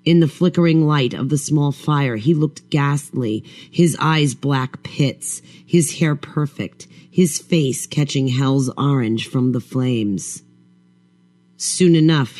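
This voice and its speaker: A man reading a first-person horror story in a slow, measured, brooding way. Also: medium pitch, a little mellow. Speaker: audiobook narrator.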